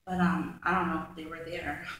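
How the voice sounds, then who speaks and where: A woman's voice: deep voice, little pitch movement, moderate pace, a bit bright. A woman vlogger telling a story in a chatty, exasperated way, full of fillers. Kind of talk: casual storytime vlog. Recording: very echoey room with faint background noise.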